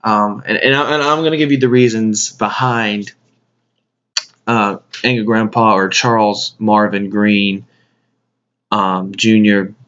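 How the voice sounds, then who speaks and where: A man hosting a podcast, speaking a casual tribute monologue in a halting way, often repeating his words. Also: fairly low pitch, fairly bright tone. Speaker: podcast host. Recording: dull lo-fi sound.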